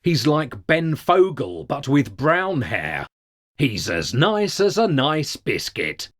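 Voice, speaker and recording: A middle-aged man from Britain delivering a dry, deadpan comic monologue full of puns. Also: fairly high pitch, takes it slowly. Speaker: comedy narrator.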